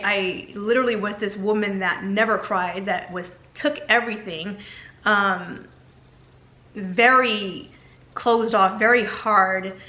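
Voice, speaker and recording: A woman's voice: medium pitch, sharp tone. A woman candidly telling a personal story in a vlog, emotional and repeating herself as she talks. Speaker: vlogger. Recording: echoey room.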